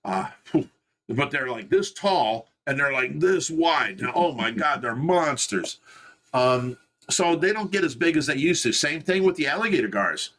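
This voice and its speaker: Indoors at home, a man with a Midwestern American accent co-hosts a fish rescue stream, his slightly high voice expressive and a bit bright at a normal speed. He chats loosely, rambling, restarting, and chuckling at himself.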